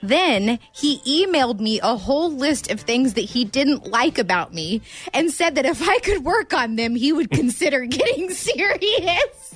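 A woman's voice: sits high, husky, soft background music. A woman co-hosting a radio show in casual chat, reading listener stories with lots of giggling. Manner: giggly, animated, quick to laugh.

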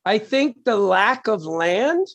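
A man speaks as an interview guest, with a husky, slightly breathy voice. He explains his ideas thoughtfully and stumbles over a few words as he goes. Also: high voice, very animated, takes it slowly, fairly bright tone. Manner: thoughtful, explanatory, some stammering. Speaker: guest producer. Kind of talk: casual interview chat.

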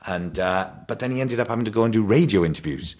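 A man from Wales telling amused, animated stories as a podcast guest. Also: lowish voice, quick pace. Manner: animated, amused storyteller with many restarts. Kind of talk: casual podcast storytelling.

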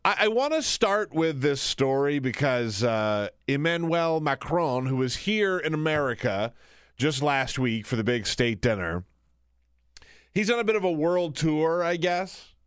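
A man's voice: fairly high pitch, sing-song, a little slow, smooth, no echo, studio quality. A man filling in as the host of a radio talk show, chatting casually and laughing often.

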